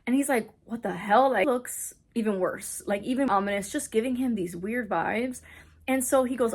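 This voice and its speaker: A young adult woman chatting casually in a book vlog, retelling a story in an excitable way full of "like". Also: fairly high pitch, normal speed, slightly rough. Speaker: book vlogger. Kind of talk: casual reading vlog chat. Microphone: camera on a stand, not handheld.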